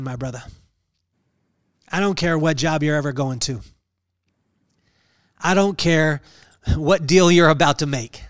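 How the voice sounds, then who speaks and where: A man's voice: fairly high pitch, no room sound, studio quality. Earnest man telling a personal story. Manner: earnest, halting, with many fillers. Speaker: podcast host.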